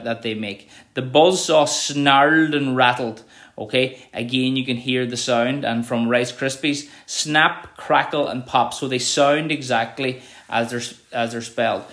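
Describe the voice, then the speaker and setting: A man from Ireland with a medium-pitched, fairly bright voice teaches a recorded revision lesson. He explains terms, checks in often with words like "okay," and reads examples out slowly.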